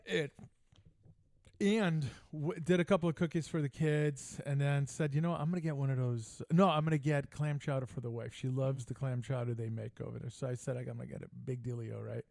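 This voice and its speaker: A man's voice: mid-range voice, fairly even intonation, a little fast, vocal fry, a little mellow, no room sound. An older man hosting a casual sports talk show, telling brash, joking stories with lots of animation. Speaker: podcast host. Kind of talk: casual storytelling chat.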